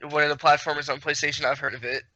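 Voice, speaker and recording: A man's voice: on the high side, little pitch movement, racing, bright, forceful tone, no room sound. A man, a guest on a casual podcast, speaking politely and plainly. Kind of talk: casual group podcast chat. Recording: dull lo-fi call audio.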